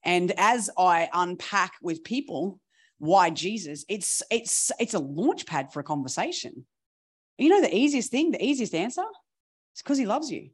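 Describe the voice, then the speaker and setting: A woman preaching, telling stories in a chatty, animated way with laughing asides. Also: mid-range voice, normal speed, slightly rough. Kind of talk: storytelling sermon.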